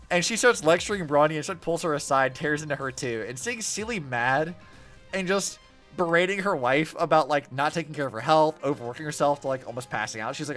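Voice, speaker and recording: A young man gives loose, chatty commentary as he plays, his pitch swinging up and down with lively energy. His voice sits a little high for a man, and he keeps talking through a stream of fillers. Soft game music plays underneath. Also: fairly quick. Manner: chatty, animated, many likes and fillers. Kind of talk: casual gameplay commentary. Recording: faint music behind. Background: faint game music.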